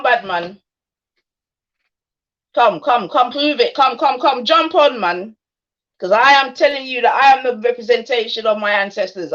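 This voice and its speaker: A woman hosting a livestream, taunting and confronting a skeptic in casual slang. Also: fairly high pitch. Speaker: livestream host. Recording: dull lo-fi stream audio.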